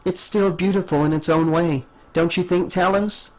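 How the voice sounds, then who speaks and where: A calm female scientist aboard a starship, as a man voices her, her lines a touch higher than his own. She answers with a dry, smirking edge, even after a bad dream. The reading keeps her level and wry. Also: normal speed, natural voice, rough recording. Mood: wistful.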